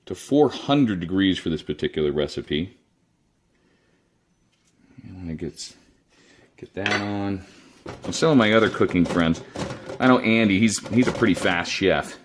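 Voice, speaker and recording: A man's voice: sits low, measured pace, pauses often. A man casually chatting his way through a home cooking demo in his kitchen, rambling and self-deprecating. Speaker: cooking video host.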